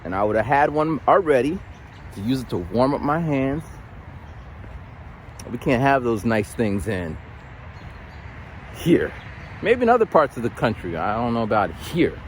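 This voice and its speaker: A man chatting casually in a vlog while outdoors in the cold, rambling through animated stories with stammered restarts about his school lunchroom duty. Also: medium pitch, normal speed, long pauses, a little hiss or hum. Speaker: vlogger who works lunchroom duty at a school. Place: outdoors in cold weather, near a bridge.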